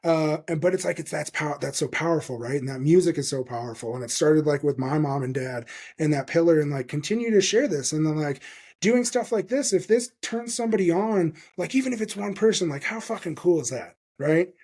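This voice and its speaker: A man's voice: fairly high pitch, a little fast, a little mellow, breathy edge. A man in his forties hosting a podcast, talking in an enthusiastic, rambling way with lots of swearing and fillers. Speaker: podcast host. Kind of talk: casual interview chat.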